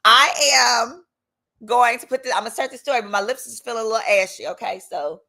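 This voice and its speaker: A woman's voice: a little high, a little fast, sharp tone. A woman with a Southern US accent, an attorney hosting a livestream, chatting casually and telling a story with quoted voices, bothered by a cough. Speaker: attorney and channel host.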